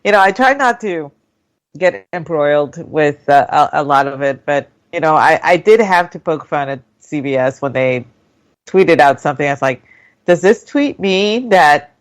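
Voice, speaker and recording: Dude co-hosting a talk show, kinda high voice, wry, chuckles. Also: male voice, expressive, normal speed, poor audio. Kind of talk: casual chat.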